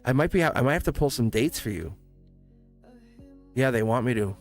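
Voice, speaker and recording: A man's voice: mid-range voice, expressive, moderate pace, soft background music. A man hosting a live-stream tarot reading, chatty and laughing often as he answers his live chat. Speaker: tarot reader.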